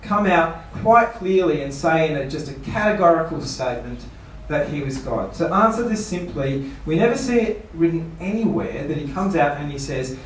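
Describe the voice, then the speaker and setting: A man's voice: fairly high pitch, expressive, moderate pace, few pauses, slight background noise. A man, a pastor giving a seminar talk, asking rhetorical questions and playfully mock-quoting people. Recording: echoey room, voice from far off.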